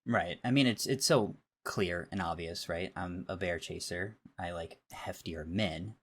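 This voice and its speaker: Man, thirties, podcast co-host: very low voice, opinionated and animated. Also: a little slow, slightly rough. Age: 30s. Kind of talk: casual chat.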